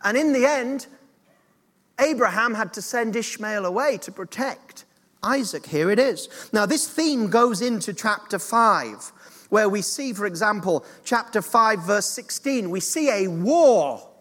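High-voiced preaching man in echoing hall. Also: animated, a little slow, fairly bright tone. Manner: earnest preaching with audience call-and-response. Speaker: pastor. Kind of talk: sermon.

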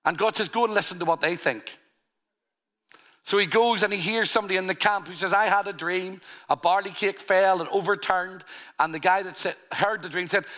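A man's voice: sits high, steady tone, brisk, bright, forceful tone. A man preaching a sermon, earnest and full of rhetorical questions. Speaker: pastor.

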